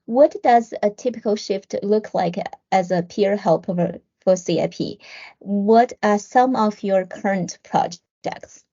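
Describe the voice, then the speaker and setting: A woman with a mellow, warm voice asks interview questions in a measured, polite way. She speaks at a mid pitch. The recording sounds dull and lo-fi. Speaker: podcast interviewer.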